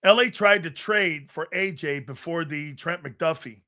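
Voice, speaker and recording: An excitable male sports show host talking in a high, bright, cutting voice. He is loud and profane, tells stories in quick bursts with restarts, and breaks into shouts when something excites him. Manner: rapid storytelling with restarts. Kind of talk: live sports talk show.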